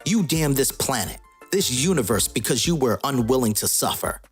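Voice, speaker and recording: A defiant sorcerer hero with a husky voice at a middling pitch, as a man reads him out from a comic. Faint music plays in the background. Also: animated, moderate pace. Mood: accusing. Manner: read aloud from a comic.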